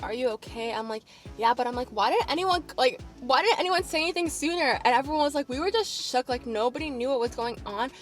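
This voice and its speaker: A young woman vlogger telling a casual storytime, animated, acting out the other people's lines. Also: a little high. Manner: animated, acts out quotes.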